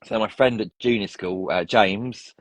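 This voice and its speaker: A man with a lowish voice tells long stories in a casual interview. He rambles, starts sentences over and wanders off on tangents. His voice is recorded dry and close. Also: unhurried, no echo. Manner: rambling, full of restarts and tangents. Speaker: interview guest. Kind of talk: casual storytelling.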